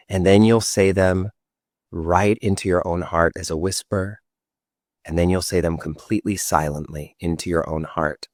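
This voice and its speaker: A man leads a guided affirmation meditation in a deep, low voice. He speaks slowly and soothingly, stretching his words out. The sound is close and dry. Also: no echo. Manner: slow, soothing, drawn-out guiding delivery. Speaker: meditation and manifestation teacher. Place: online workshop session.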